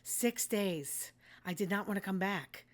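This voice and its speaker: A woman's voice: mid-range voice, a little slow. An older woman, hosting a casual monologue in a blunt, rambling, self-deprecating way. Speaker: host.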